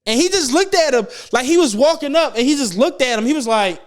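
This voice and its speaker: A young adult man hosting a podcast, telling stories in casual chat, animated and profane with lots of slang. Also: very high voice, fast, few pauses. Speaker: podcast host.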